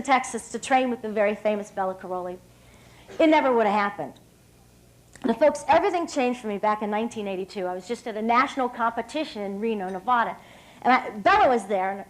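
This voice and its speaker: A woman in her thirties from West Virginia speaks at a podium microphone on an evening banquet stage. Her high voice carries an upbeat, emphatic storytelling drive as she addresses the room. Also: poor audio. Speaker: hall of fame speaker. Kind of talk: public speech.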